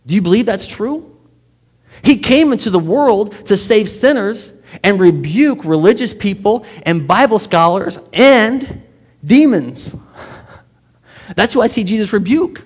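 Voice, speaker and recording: A man with a high-sitting voice and lively intonation preaches at a measured pace, the long reverb of a big sanctuary surrounding him. As pastor, he keeps the sermon conversational and regularly asks the people in the pews questions directly.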